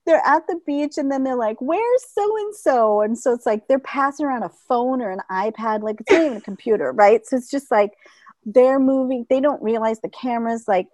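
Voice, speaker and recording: A middle-aged woman telling a funny family story in casual chat, animated and laughing often, mimicking relatives in higher voices. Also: a little fast, dry recording. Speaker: storyteller in a conversation; teacher.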